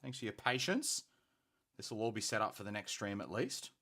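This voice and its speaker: A man's voice: on the low side, big pitch swings, brisk, pushed and bright. An Australian man hosting a hobby painting live stream, chatty and rambling as he thinks aloud. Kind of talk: casual live-stream chat.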